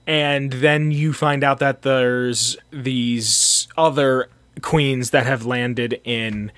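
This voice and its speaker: A man's voice: medium pitch, fairly even intonation, very slow, fairly bright tone, dry recording. A man co-hosting a podcast, rambling casually and profanely about an old movie and acting out its lines. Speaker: podcast co-host. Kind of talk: casual movie review chat.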